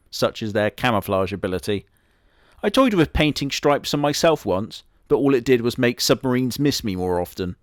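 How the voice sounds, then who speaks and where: A man's voice: medium pitch, no room sound, lightly acted. A man playing a boastful immortal wolf, speaking with a Southwest English accent in a dry, matter-of-fact way. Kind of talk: comedy sketch character monologue.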